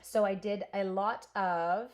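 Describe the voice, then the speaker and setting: A woman's voice: mid-range voice, steady tone, takes it slowly. A talkative woman in her forties from Canada, chatting through a live stamping session. She tells stories at length and answers viewers by name as she goes. Her voice sits in a middle register. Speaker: crafter and schoolteacher hosting a stamping stream. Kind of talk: casual live craft stream chat.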